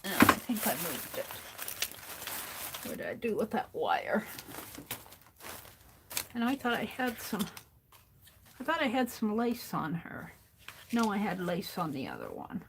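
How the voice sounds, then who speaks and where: A woman's voice: mid-range voice, huge pitch swings, a bit bright, a little hiss or hum. A woman hosting a casual crafting livestream, talking to herself as she works and drifting from the mic now and then. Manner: unhurried, muttering to herself while working.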